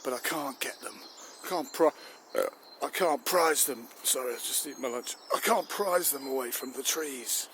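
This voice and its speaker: A man's voice: mid-range voice, moderate pace, pushed and bright, a little hiss or hum, lightly acted. A man playing an indignant, complaining army chief. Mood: exasperated. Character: exasperated male army chief. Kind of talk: improvised comedy.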